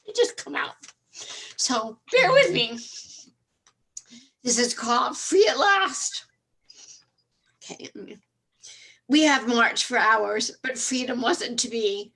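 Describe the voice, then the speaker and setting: An older woman, a retired teacher, reading her own poem with emotion and a steady rhythm on a video call. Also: fairly high pitch, poor audio. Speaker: open mic poet.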